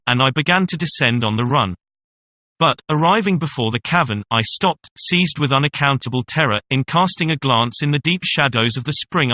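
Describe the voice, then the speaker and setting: Bright-voiced man narrating a horror tale. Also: medium pitch. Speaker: audiobook narrator. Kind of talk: scripted narration of a horror story.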